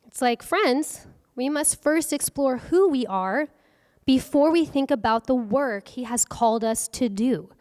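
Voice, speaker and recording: A young woman speaks earnestly to a workshop audience in a somewhat high voice, chatting and asking questions as she goes. Her voice rings out with a long reverb from the hall around her. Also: expressive, unhurried, a little mellow. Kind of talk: faith-based workshop talk. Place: event hall.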